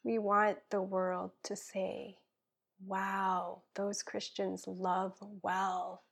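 Creaky, slow-spoken woman praying earnestly. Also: medium pitch, completely flat delivery. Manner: earnest, soft-spoken, drifting into whispers. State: tearful and emotional. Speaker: podcast guest, children's pastor. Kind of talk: spoken prayer and heartfelt chat.

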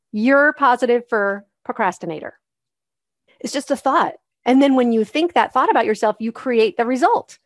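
A woman's voice: on the high side, no echo, studio quality. A woman hosting a solo podcast, coaching moms in a casual, encouraging way and acting out the voices she quotes.

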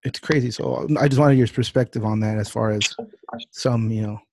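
A young man hosting a podcast over a video call, chatting casually and acting out quotes in a louder voice. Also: fairly low pitch, normal speed, creaky, a little hiss or hum. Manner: animated, acts out quotes in a raised voice. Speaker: podcast host. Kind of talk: casual interview chat.

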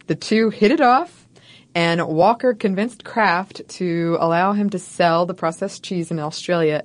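Woman, podcast co-host, lowish voice, wry playful storytelling, scripted narration with banter. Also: unhurried, no echo.

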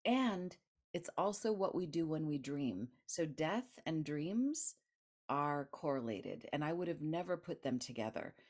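A woman guest author in an interview, telling a personal story in an animated way, laughing and acting out the voices of others. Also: low voice, measured pace.

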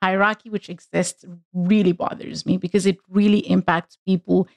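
Woman, Pakistani accent, gravelly voice, dry close sound, earnest opinionated talk. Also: fairly low pitch, flat delivery, normal speed, dry recording. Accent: Pakistani English. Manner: earnest, opinionated, laughs between points. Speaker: podcast guest, activist. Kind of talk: casual chat.

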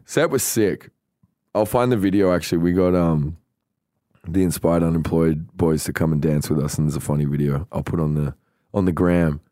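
A man's voice: low-pitched, normal speed, warm tone, no room sound, studio quality. An Australian man hosting a podcast, telling a long story in loose, casual speech full of swearing. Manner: loose, swearing, acts out quoted voices. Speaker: podcast host.

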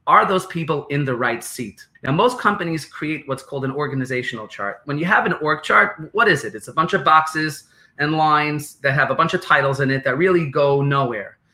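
Fast, bright-voiced New York man. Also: fairly high pitch. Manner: animated, repeats phrases, acts out quotes. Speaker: guest, business consultant. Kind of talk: podcast interview explanation.

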